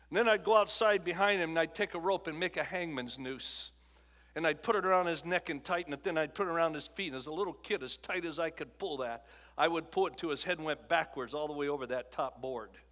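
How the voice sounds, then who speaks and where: An older male preacher telling a personal story in a church auditorium, his voice sitting fairly high for a man. He moves from hushed, near-broken lines to sudden loud outbursts. A long hall reverb trails every phrase. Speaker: guest speaker. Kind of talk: emotional testimony sermon.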